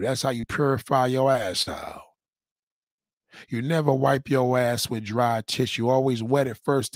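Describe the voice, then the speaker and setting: A man's voice: medium pitch, expressive, measured pace, no room sound. Profane ranting man on a livestream. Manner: loud, profane, rambling and repetitive. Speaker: livestream host reading viewer comments. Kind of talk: profane casual rant. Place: at home, in a towel on camera.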